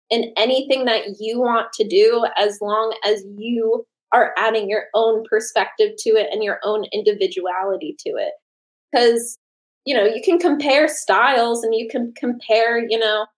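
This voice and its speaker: A woman in her late twenties speaks in an interview in a fairly high voice. She is earnest and enthusiastic, often restarting her sentences and laughing easily. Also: low-quality recording. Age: late 20s. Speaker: comic artist and teacher. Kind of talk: podcast interview.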